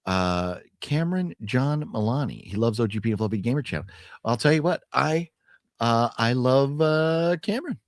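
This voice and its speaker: A man's voice: medium pitch, animated, normal speed, no echo, clean studio sound. A man hosting a casual podcast stream, tipsy from drinking, rambling and joking as he reads out viewer comments. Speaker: podcast host. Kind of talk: casual livestream chat.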